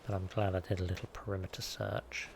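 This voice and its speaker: Gravelly man streaming a game. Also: deep voice, little pitch movement, fast talker, slight background noise. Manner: chatty, rambling, self-deprecating. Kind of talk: casual live-stream commentary.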